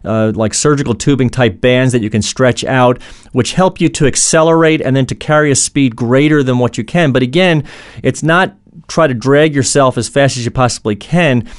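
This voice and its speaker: A man's voice: mid-range voice, moderate pace. A man giving an instructional talk as a coach, earnest, explaining through stories and imagined dialogue, with frequent fillers and restarts.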